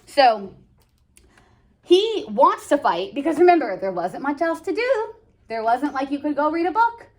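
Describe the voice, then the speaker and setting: A woman's voice: high voice, big pitch swings, a little slow. Chatty woman teaching a class. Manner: chatty, joking, slangy asides to students. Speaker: high school English teacher. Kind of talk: classroom lesson, reading and explaining a play.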